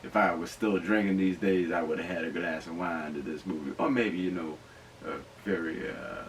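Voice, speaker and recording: A man hosting a podcast, rambling excitedly and swearing through casual riffs. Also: low-pitched, moderate pace, distant mic, slight background noise, low-quality recording. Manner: excitable, profane, rambling with asides. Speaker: podcast host reviewing movies. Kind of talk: casual riffing commentary.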